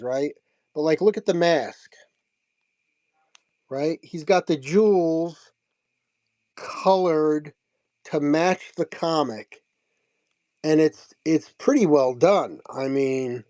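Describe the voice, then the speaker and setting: A man's voice: fairly high pitch, warm tone, dry recording. A man casually showing off signed comics and prints, chatting and laughing as he tells the story, often repeating himself. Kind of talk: casual show-and-tell recap.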